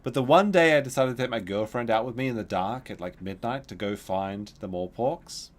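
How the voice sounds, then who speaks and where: A man's voice: medium pitch, brisk. A man telling a long rambling story while streaming a game, with frequent restarts and asides. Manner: rambling, animated, with many restarts. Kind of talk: casual livestream storytelling.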